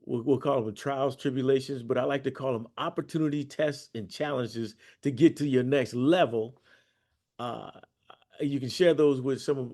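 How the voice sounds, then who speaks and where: A man hosting a podcast and radio show, with energetic introductions and relaxed, conversational questions. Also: mid-range voice, vocal fry. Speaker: host.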